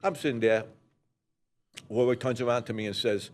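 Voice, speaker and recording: A man's voice: mid-range voice, steady tone, fairly quick, long pauses. An older man with a New York accent, telling a rambling street story in blunt, profane casual conversation. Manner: blunt, rambling, swears freely. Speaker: co-host telling stories.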